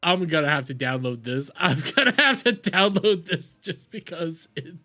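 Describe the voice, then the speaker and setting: A man's voice: a little high, normal speed, bright, forceful tone, faint music behind. A man hosting his live stream in casual chat, rambling with restarts and self-deprecating asides. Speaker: streamer host.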